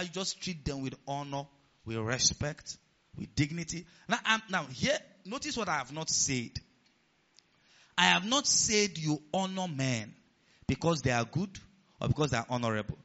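Man, pastor, sermon, bright forceful voice, dull lo-fi recording. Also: fairly high pitch. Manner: animated preaching, rising to near-shouts, frequent laughter. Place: church. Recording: dull lo-fi sound.

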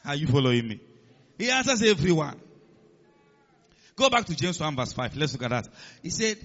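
Male preacher, high tenor, emphatic sermon delivery, dull lo-fi recording. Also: big pitch swings, normal speed, long pauses, a bit bright. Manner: emphatic, calls on the congregation to respond.

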